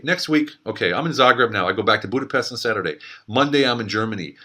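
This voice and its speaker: A man's voice: lowish voice, lively intonation, fast, few pauses, sharp tone. Emphatic man giving a pep talk. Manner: emphatic, motivational, repeats himself with restarts. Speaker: network marketing speaker. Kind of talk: recorded video message. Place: Zagreb.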